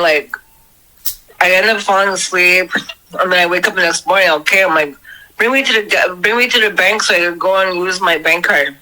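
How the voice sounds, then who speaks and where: A young woman with a lowish voice casually retells a strange dream as a podcast storyteller, swearing freely and acting out the people in it. The retelling is profane and animated, and the recording is rough.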